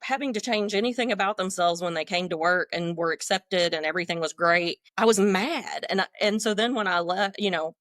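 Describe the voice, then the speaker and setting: A middle-aged woman with a lowish voice speaks candidly as a guest, rambling frankly and poking fun at herself. The sound is dry and close, with no room around it. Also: fairly quick, few pauses, a bit bright, no room sound. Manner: frank, talkative, self-deprecating. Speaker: guest, leadership coach. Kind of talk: candid conversational storytelling.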